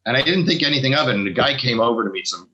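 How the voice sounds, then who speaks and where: Bright-voiced American man telling stories. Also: mid-range voice, expressive, racing, muffled recording, a little hiss or hum. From New York. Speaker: guest comedian. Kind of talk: casual chat, anecdotes.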